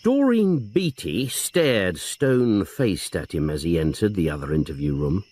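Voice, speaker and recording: Man, low voice, lively expressive narration, dry storytelling. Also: normal speed, hardly any pauses, breathy edge. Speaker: reader. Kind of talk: scripted narration.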